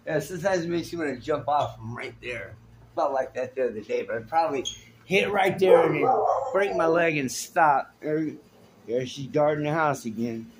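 A man's voice: a little high, lively intonation, normal speed, crowd noise. A man telling raw, rambling stories on his own phone vlog, agitated and swearing as he talks, recorded in a hotel room on a handheld phone. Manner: raw, unscripted storytelling. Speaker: vlogger.

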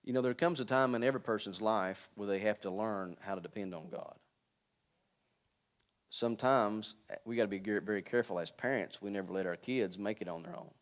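A pastor in his forties preaching a sermon. He jokes with the congregation and calls out to them, swinging between quiet, low asides and loud, high preaching. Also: a little fast. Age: 40s. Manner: joking and calling out to the congregation.

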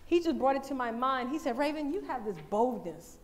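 A woman giving a lively, conversational talk at a church as the women's day speaker, animated and laughing often. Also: high-pitched, fairly quick.

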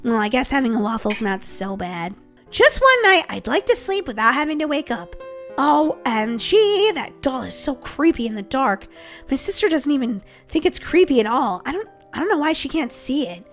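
A woman's voice: high-pitched, sing-song, normal speed, soft background music. A woman hosting a game roleplay, talking jittery and dramatic as her character. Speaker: host.

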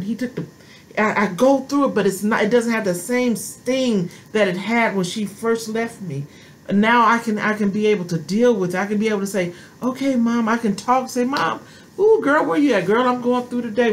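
Woman prophetess, a grandmother, middle-pitched, preaching in emphatic repeated phrases. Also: slight background noise, rough recording. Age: middle-aged or older, a grandmother. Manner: repetitive, emphatic preaching with exclamations. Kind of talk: sermon.

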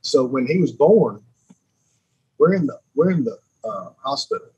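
A man's voice: mid-range voice, expressive, moderate pace, darkish tone, breathy edge, dull audio. A man, a podcast guest telling stories in a rambling, chatty way. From Alabama. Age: 30s. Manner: rambling, repeats words, laughs often. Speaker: podcast guest, sheriff's lieutenant. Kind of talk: casual storytelling chat.

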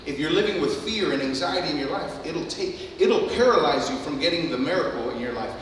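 A man preaching a sermon as pastor, building fervently to loud climaxes, recorded from far off in a church hall. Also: a little high, animated, fairly quick, slight background noise. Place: church sanctuary.

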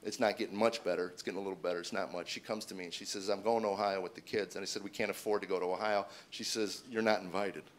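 Brief: middle-aged male stand-up comic, quick delivery, jumps loud and high for acted quotes. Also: a little hiss or hum. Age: 40s. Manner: animated, acts out quotes with big loud jumps in pitch. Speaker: stand-up comedian. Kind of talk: stand-up storytelling testimony. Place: stage before an audience.

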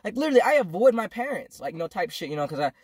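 A young man in his twenties rambles through a storytime vlog and swears freely. His voice sits high for a man and jumps around a lot. The sound is dry and close. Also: rapid-fire, slightly rough, dry recording. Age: 20s. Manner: rambling, profane, animated. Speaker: vlogger.

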